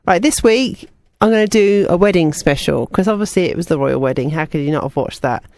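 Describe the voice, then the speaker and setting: A woman's voice: lowish voice, expressive, brisk, a little mellow, no echo. A young woman presenting a student radio music show, chatty and personal between songs.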